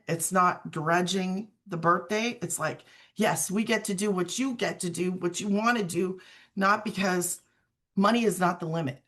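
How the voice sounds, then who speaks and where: A woman's voice: lowish voice, fairly bright tone. Earnest woman telling her story. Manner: earnest, conversational, quotes herself often. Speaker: guest sharing her story. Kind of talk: emotional personal testimony.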